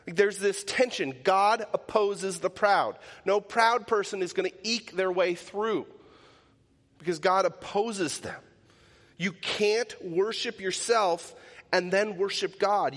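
A man preaches a sermon in a slightly higher voice, speaking in a loose, conversational way. He keeps throwing rhetorical questions at his congregation. His voice carries a long reverb from the church hall. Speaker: pastor.

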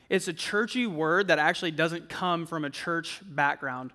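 A man preaches to a student group in a relaxed, chatty way, his voice high and bright. His talk stays loose and conversational, dotted with "like" and "right?". The sound rings with a long hall echo. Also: moderate pace. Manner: conversational, uses "like" and "right?" often. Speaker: campus ministry speaker. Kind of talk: sermon. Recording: echoey hall.

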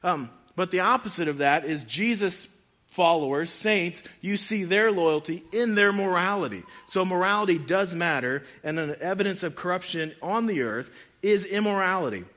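A man's voice: sits high, expressive, normal speed, a bit bright. A man pastor giving a conversational sermon, reading scripture aloud and joking with his congregation.

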